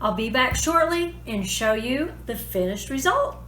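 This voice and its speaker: Woman hosting a home cooking vlog, chatty and homey, higher voice, echoey kitchen with faint sizzling. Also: lively intonation, unhurried, a bit bright, a little hiss or hum. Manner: chatty and homey, folksy phrasing. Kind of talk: casual cooking tutorial.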